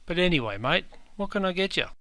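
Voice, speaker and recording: A man's voice: sits high, lively intonation, quick pace, pushed and bright, no room sound, pitched above the performer's own voice, full character voice. A man voicing a blunt, slangy Australian barman who calls everyone mate, with an Australian accent. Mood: teasing.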